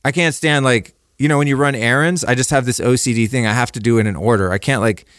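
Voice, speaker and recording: A man in his own relaxed conversational voice tells stories as a podcast guest, candid and casual, cursing freely. His pitch sits in the middle for a man, and the close studio mic sounds dry, with no room echo. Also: fast talker. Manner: candid, laid-back, swears freely.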